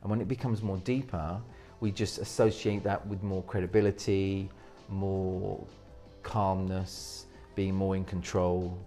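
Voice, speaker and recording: Male presentation coach, low-pitched, energetic, restarts sentences mid-thought, faint music underneath. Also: measured pace, hardly any pauses. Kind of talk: interview advice.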